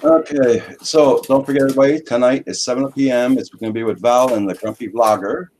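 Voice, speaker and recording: A man's voice: mid-range voice, steady tone, brisk, a little mellow, a little hiss or hum. A man hosting a video call-in chat show, upbeat as he welcomes viewers by name. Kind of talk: casual chat.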